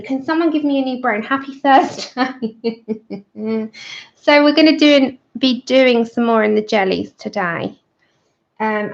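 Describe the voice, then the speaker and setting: A woman's voice: high voice, a bit bright. A woman hosting a colouring livestream, chatting casually and greeting viewers by name with scatterbrained asides. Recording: roomy, dull lo-fi sound.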